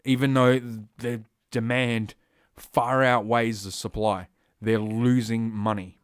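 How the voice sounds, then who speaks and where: A man's voice: mid-range voice, level tone, slow pace, clean tone, no echo, clean studio sound. Profane ranting man. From Australia. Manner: profane, rambling, heavy swearing. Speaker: streamer. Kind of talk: ranting commentary stream.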